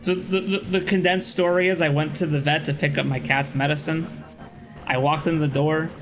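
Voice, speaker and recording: A man's voice: a little high, fairly even intonation, moderate pace, poor audio. A young man hosting a stream, chatting casually and telling a rambling story with restarts and swearing. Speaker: streamer host. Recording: music playing faintly behind.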